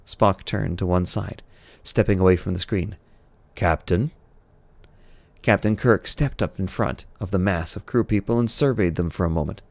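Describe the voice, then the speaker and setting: A man reading a novel aloud in steady, unhurried narration. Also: sits low, vocal fry, dry recording. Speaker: audiobook reader.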